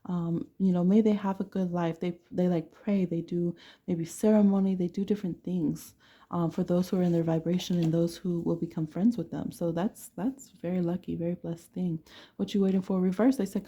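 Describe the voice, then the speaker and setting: A woman's voice: on the low side, fairly even intonation, normal speed, dark tone. A woman giving a casual tarot reading to camera with a blunt, playful way of talking. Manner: blunt, playful, laughs often. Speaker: tarot reader.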